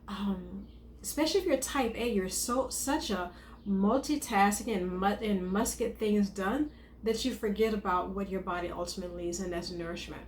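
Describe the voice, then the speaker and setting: Woman chef-coach, mid-pitched, casual advice to camera, reverberant room. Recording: echoey room with faint noise.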